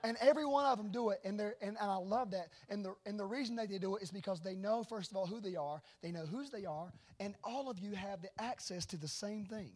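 A middle-aged male preacher with a high-pitched voice. He tells stories in a hushed tone and then rises into loud, animated declarations during his sermon. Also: fast talker, hardly any pauses. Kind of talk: sermon with storytelling.

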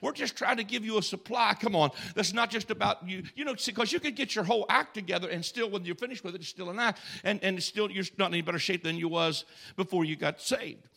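A man preaching in a church with a very high, gravelly voice that has a bright, forceful edge. He drives an emphatic call-and-response sermon, calling out to the congregation. He swings between shouting and dropping to hushed tones. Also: fast. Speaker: pastor. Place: church sanctuary.

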